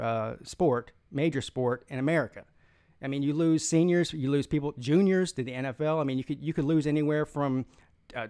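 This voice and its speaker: Hiccuping throughout, a sports channel host on a live stream wanders through his takes and reads out viewer comments, often restarting and using fillers. He has a higher, smooth voice with a darkish tone.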